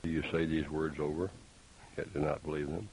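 A man preaching a sermon, deliberate and emphatic, with pointed rhetorical questions. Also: rumbling low, level tone, darkish tone, poor audio. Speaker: pastor. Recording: faint hiss.

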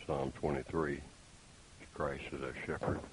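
A man preaching a sermon, deliberate and emphatic, with pointed rhetorical questions. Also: very deep voice, level tone, rough recording. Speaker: pastor. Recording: faint hiss.

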